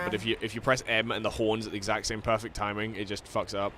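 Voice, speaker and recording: A man's voice: mid-range voice, steady tone, fast talker, music in the background. A Scottish man streaming a game, telling stories in casual chat, swearing constantly and laughing through them.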